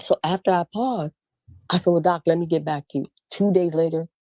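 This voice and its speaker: A woman telling her story as an interview guest, animated and acting out the dialogue she quotes. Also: on the low side, a little fast, no room sound, low-quality recording.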